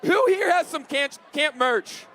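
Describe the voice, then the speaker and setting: A man hosting a camp game on stage, shouting energetically to a crowd, his voice getting strained. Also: very high voice, a little slow, background noise. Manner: energetic, loud, calling out to a crowd. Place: large camp event hall.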